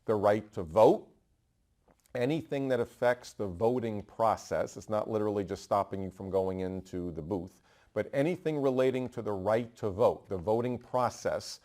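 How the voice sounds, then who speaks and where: A man from New York teaching a bar exam review, fast and emphatic, asking rhetorical questions and answering them himself. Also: mid-range voice, a little mellow. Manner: brisk and emphatic, repeating key terms. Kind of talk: energetic law review lecture.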